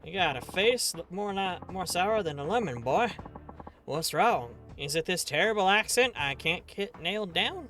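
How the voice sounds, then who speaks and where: A man voicing a cheerful, drunk old man who calls people "boy", with a clumsy put-on accent, loud and jolly. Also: sits high, expressive, moderate pace, faint music behind, pitched above the performer's own voice. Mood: boisterous.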